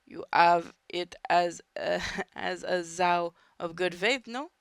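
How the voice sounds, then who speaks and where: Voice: mid-range voice, slow, vocal fry, a bit bright, clean tone, no echo, studio quality. A gamer voicing a hulking male mercenary villain with a half-attempted Spanish flavor and Spanish words. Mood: businesslike.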